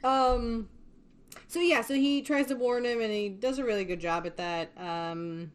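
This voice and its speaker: A woman's voice: a little high, a little slow. A woman chats her way through a film recap, loose and conversational. She laughs often and swears freely as she goes. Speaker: podcast host. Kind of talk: casual movie recap chat.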